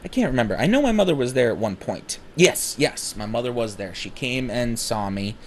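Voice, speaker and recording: Man, casual personal storytelling, rambling, fillers and self-corrections, animated on the quotes, mid-pitched voice. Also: a little fast, slight background noise. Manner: animated when acting out his own and others' words. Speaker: video host telling his own story.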